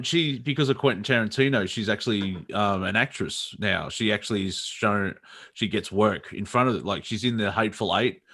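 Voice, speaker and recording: Aussie guy, lowish voice, rambly comedy chat, lots of ums. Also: fairly bright tone. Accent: Australian. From Australia. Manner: rambling, many fillers and restarts, laughs often. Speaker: comedy show co-host.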